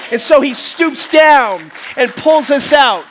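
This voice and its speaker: A man's voice: very high-pitched, slow, a faint crowd, slight background noise. A male pastor preaching a sermon, telling funny stories, doing voices and calling the congregation to answer back. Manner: animated storytelling with funny voices and audience call-and-response; loud preaching bursts.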